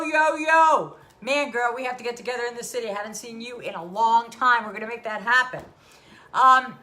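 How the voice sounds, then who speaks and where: A middle-aged woman hosts a live-streamed talk show in a high, bright voice. She talks effusively and greets her viewers one by one by name.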